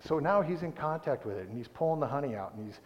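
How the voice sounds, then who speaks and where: A man's voice: on the high side, expressive, quick pace. A man preaching a sermon in a rambling, conversational way, often breaking off and restarting his sentences. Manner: rambling, conversational, self-interrupting. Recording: dull recording in a reverberant hall.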